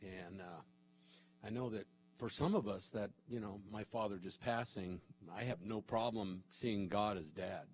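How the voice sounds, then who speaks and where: Male pastor, lower voice, halting with fillers, closing a church service. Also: breathy edge. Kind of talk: sermon. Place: church sanctuary.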